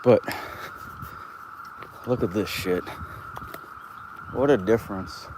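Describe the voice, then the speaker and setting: Walking around an open lot, a man in his thirties vlogs in a chatty, rambling way, swearing freely as he tells stories. He speaks slowly in a lowish voice, with background noise audible.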